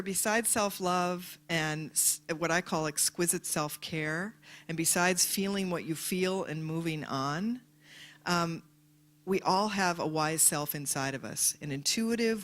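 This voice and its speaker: Lady doing a motivational talk, lively storyteller, kinda low voice, acts out the people in her stories. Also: a little slow. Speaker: speaker. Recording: live talk at an event.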